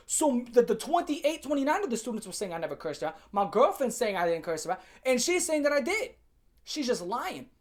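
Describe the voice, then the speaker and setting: A man's voice: very high-pitched, sing-song, fast. A young man telling a story from his school days to his viewers as a heated, profane rant full of slang, addressing them directly and repeating himself.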